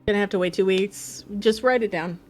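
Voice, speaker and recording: A woman streaming a game live, chatting in a bubbly, excitable way with her viewers. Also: mid-range voice, brisk, soft background music. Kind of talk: casual live-stream chat.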